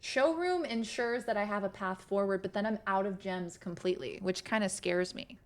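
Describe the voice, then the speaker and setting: A woman's voice: medium pitch, normal speed. Chatty woman streamer thinking aloud. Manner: chatty, swears casually, laughs often, thinks aloud. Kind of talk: casual live-stream chat while gaming.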